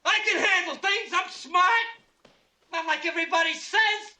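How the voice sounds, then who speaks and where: An actor playing a resentful, whiny middle-aged mobster brother who pleads aggrieved outbursts, heard from an old film. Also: male voice, very high voice, moderate pace, sharp tone, exaggerated voice. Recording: roomy old film soundtrack.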